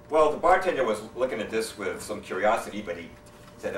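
A man's voice: lowish voice, fast, slight background noise. Man telling jokes in an echoey hall. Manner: deadpan storyteller who acts out quoted characters. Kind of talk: joke telling to a live audience. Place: lecture hall with an audience. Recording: echoey hall, distant mic. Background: audience laughter.

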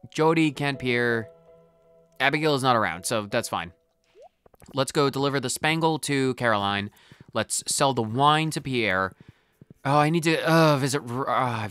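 A man gives casual gameplay commentary in a bright, sharp-edged voice, rambling and talking to himself. He drifts off on tangents, trails off, and his loudness jumps now and then. Faint game music runs under his talk. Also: mid-range voice, clear, resonant tone. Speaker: gaming video host. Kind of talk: casual let's-play commentary.

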